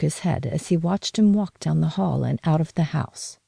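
A woman narrating a story in a steady, measured reading voice. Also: sits low, creaky, husky, dry recording.

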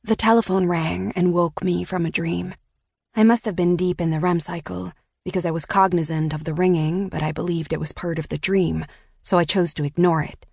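A woman narrating a first-person audiobook in a measured, reflective way on a close studio mic. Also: fairly low pitch, steady tone, vocal fry, a little mellow, husky, no echo.

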